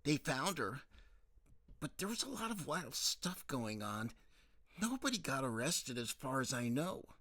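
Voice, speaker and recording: A man voicing a worried middle-aged mother who pleads softly and tenderly with her daughter. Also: a bass voice, sing-song, a little slow, exaggerated voice. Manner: soft, coaxing, close to tears.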